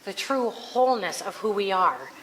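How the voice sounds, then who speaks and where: A woman's voice: mid-range voice, very animated, moderate pace, fairly bright tone, slight background noise, low-quality recording. A woman preaching a conversational Sunday sermon, earnest with playful asides. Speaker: minister.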